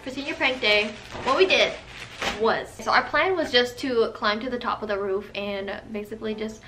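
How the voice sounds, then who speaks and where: A young woman vlogger telling stories to camera in a sassy, animated way, swearing freely. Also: on the high side, normal speed, noisy background. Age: young adult. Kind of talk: casual storytelling to camera.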